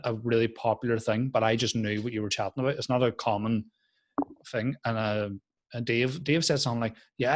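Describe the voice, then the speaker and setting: A young adult man, a comedian in casual podcast chat over a video call, telling stories with lots of swearing and acted-out quotes. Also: mid-range voice.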